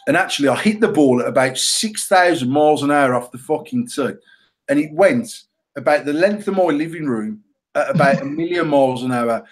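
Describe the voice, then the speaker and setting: A man's voice: a little high, brisk. Swearing British man telling stories. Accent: British English. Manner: heavy swearing, animated and self-mocking. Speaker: podcast co-host. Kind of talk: casual storytelling chat.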